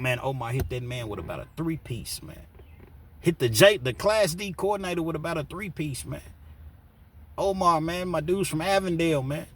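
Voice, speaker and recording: A man's voice: on the high side, normal speed, slight background noise. A man telling a story in a casual, slangy way, acting out what people said. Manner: animated, slangy, acts out quotes.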